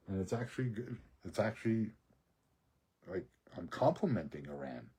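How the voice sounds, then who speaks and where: A man's voice: deep voice, big pitch swings, moderate pace, mellow, breathy edge. A man telling a rambling, profane story in a rant, often laughing mid-sentence. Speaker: social media video creator.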